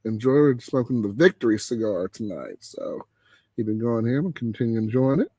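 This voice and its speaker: A man hosts a relaxed late-night chat show, his voice jumping way up whenever he gets fired up. The sound is dry and close, with no room around it. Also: moderate pace, slightly rough, no room sound. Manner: animated, exclaims with big pitch jumps when excited. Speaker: podcast host.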